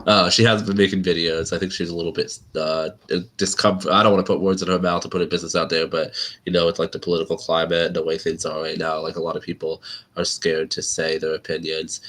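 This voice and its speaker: A man's voice: low-pitched, little pitch movement, fast, fairly bright tone. A man hosting his own channel, chatting casually and rambling on a live stream and laughing often.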